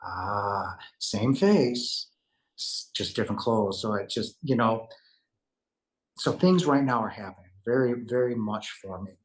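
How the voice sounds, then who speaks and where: A man's voice: lowish voice, measured pace. A man being interviewed, telling a personal story casually and earnestly, and acting out the conversations he remembers. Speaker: interview guest recounting a near-death experience.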